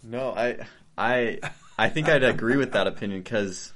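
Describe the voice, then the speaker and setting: A man's voice: medium pitch, normal speed, a bit bright. A young adult man chatting as a guest, thoughtful and easygoing, often restarting his phrases. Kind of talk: casual conversation.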